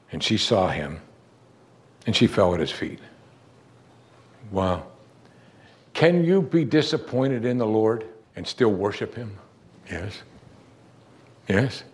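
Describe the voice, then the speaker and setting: A man preaching a sermon, reading a passage and explaining it to his congregation. He asks rhetorical questions and drops low and quiet to stress key moments. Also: lively intonation, slow pace, long pauses. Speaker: pastor.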